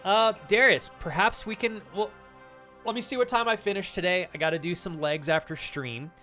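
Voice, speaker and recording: A man streaming live, chatting casually with his viewers and reacting to their messages, animated and hyped, with casual swearing. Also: high-pitched, normal speed, faint music behind. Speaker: streamer reading chat.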